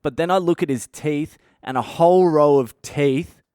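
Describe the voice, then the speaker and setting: An Australian man in his thirties, a comedian telling wild personal stories in a profane, animated way. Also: a little high, normal speed, clean tone, dry recording, studio quality. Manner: profane, animated, breaks into laughter. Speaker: comedian podcast host. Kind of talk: comic personal storytelling.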